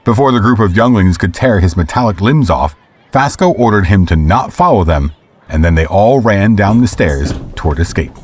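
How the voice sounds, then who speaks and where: Low-voiced guy reading a sci-fi story, steady and measured. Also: husky, no echo. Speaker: narrator. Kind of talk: scripted audio drama narration.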